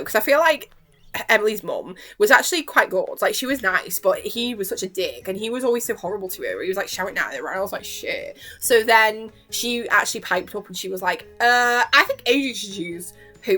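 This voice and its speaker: A woman casually recapping a cartoon episode in an excited, gushing way, swearing freely and squealing out the characters' lines. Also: medium pitch. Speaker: vlogger reacting to a cartoon.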